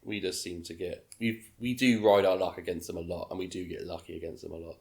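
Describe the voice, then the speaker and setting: Deep-ish guy on a podcast, offhand and matter-of-fact. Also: steady tone, fast, creaky, a little mellow. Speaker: podcast co-host. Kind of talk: casual chat.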